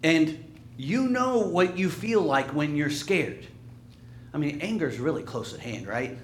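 Male preacher, voice a touch high, lively sermon storytelling, roomy church sound with faint ambience. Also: unhurried, a little hiss or hum. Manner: animated storytelling, dropping to a hush for quiet lines. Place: church sanctuary.

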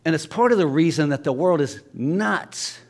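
Conversational Southern Ohio pastor preaching. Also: male voice, a little high, animated, moderate pace. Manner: conversational, acts out quoted voices, frequent restarts. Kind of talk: sermon. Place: church sanctuary.

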